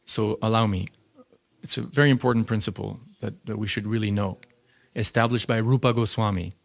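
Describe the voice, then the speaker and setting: A man teaching a scripture class in a temple, lecturing in an animated, conversational way with frequent fillers. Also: fairly low pitch, a little fast, gravelly.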